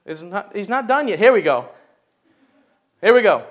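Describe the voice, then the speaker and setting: A man preaching a sermon, animated and joking, with folksy asides and laughter. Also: sits high, moderate pace, muffled recording. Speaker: pastor.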